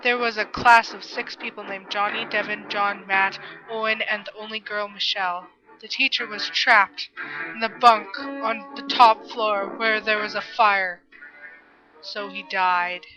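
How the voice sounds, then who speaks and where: A woman's voice: medium pitch, steady tone, a little slow. A woman casually reading aloud a story she wrote, with a giggly, self-mocking manner. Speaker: reader of her own story. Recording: muffled lo-fi with music behind.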